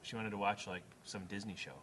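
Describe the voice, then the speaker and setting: A man, father of a young child, co-hosting a casual chat, quick and curious, full of questions. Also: lowish voice, fairly even intonation, a bit bright, a little hiss or hum. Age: adult, father of young child. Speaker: podcast co-host.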